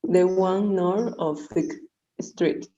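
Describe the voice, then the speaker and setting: Woman student reading out loud, slow and careful, low gravelly voice, kinda dull lo-fi sound. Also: steady tone. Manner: careful, halting reading aloud. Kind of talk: reading aloud in a lesson.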